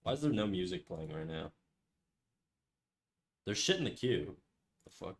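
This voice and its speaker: A man's voice: low-pitched, sing-song, measured pace, creaky. A man chatting casually on a live stream, rambling, self-deprecating and swearing freely. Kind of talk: casual livestream chat.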